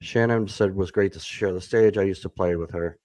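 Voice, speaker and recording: Male podcast co-host, deep voice, rambling and self-mocking, home desk mic. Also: moderate pace, darkish tone, dry recording, studio quality. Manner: self-deprecating, rambling with fillers. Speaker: bass player. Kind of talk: casual chat. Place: echoey home room. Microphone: desk USB microphone.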